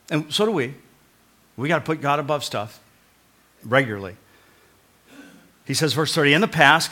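A man delivers a sermon in a bright, clear-edged voice. He shifts between loud, emphatic proclamation and hushed, earnest appeals, and he drives points home by repeating short phrases. His pitch sits at an ordinary middle for a man. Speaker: pastor.

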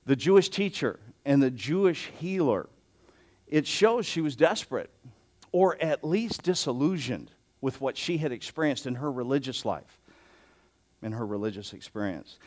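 A man's voice: mid-range voice, lively intonation, moderate pace, a little mellow. A man preaching an expository sermon as a pastor, conversational and given to joking asides.

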